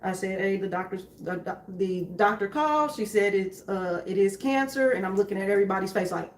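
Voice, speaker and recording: A young woman telling her story to her husband in a calm, matter-of-fact way, with many fillers. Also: medium pitch, fairly quick, roomy sound, slight background noise. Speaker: co-host, wife. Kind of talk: candid conversation with her husband.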